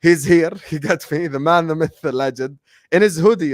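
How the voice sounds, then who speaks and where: A man's voice: fairly high pitch, moderate pace. A man hosting a casual live stream over a video call, introducing guests with playful banter and teasing. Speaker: host. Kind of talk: casual chat. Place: home studio, virtual stadium background. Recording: dry, close with no room echo.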